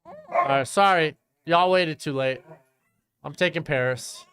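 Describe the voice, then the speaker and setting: A man's voice: a little high, unhurried, a bit bright, smooth. A young man hosting a live-streamed mock draft, talking casually and bluntly and mocking bad trades.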